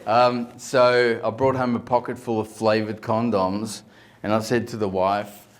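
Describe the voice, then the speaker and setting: Aussie bloke, lowish voice, cheeky joke to the crowd, talks right at them. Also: male voice, level tone, measured pace. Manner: conspiratorial, addresses the crowd directly. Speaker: comedian. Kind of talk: stand-up joke telling.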